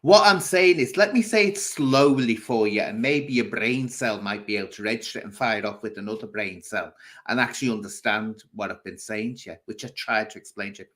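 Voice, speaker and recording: A man's voice: fairly low pitch, fairly quick, fairly bright tone. A man hosting a casual livestream, bluntly scolding and answering viewers' comments. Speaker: livestream host.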